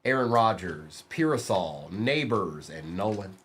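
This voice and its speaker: Male streamer, card break host: animated delivery, quick name calls, playful ribbing of viewers, faint hiss on the line. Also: sits low. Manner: rapid name-reading, teasing viewers, bursts of excitement.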